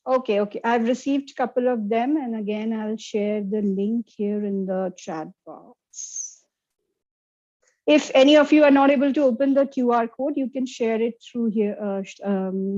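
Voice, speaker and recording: A woman gives an interactive lecture over a video call, her voice sitting a little high. She keeps turning to her listeners with questions. The call audio sounds dull and lo-fi. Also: darkish tone. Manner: interactive, checks in with the audience often. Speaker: workshop presenter. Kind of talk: online lecture.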